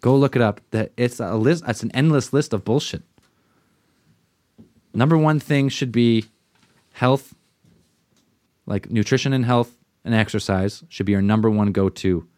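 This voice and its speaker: Brief: podcast co-host, man, mid pitch, swears, rants, dry close sound. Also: a little slow, long pauses, no echo. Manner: profane, animated ranting with mocking put-on quotes. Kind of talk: casual podcast chat.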